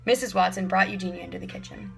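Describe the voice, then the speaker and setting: Gravelly woman reading a storybook. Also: medium pitch, a bit bright, soft background music, low-quality recording. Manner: clear, measured storytelling. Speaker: audiobook narrator. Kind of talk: scripted narration.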